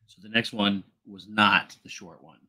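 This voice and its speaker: A man's voice: fairly low pitch, little pitch movement, a little slow, pushed and bright. An easygoing man hosting a live book club, chatting and reading chapters aloud. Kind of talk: casual chat and reading aloud.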